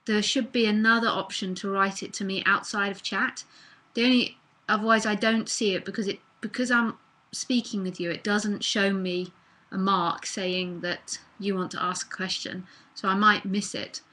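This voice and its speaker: A woman's voice: mid-range voice, steady tone, normal speed, bright, forceful tone, rough recording. A woman speaking as a spiritual teacher in a live online talk, earnest and casual, with fillers and the odd swear word, into a computer mic.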